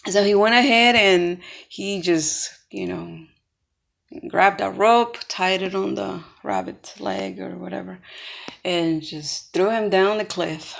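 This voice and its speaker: Storyteller woman, gravelly, rambling casual fable telling. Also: medium pitch, lively intonation, slow pace. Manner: rambling, many fillers and restarts.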